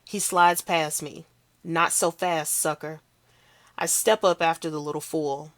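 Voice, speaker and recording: A woman's voice: sits low, fairly even intonation, measured pace, dry recording. A woman reading aloud as a big, tough-talking man telling his story in a brash, swaggering first person. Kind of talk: read-aloud novel.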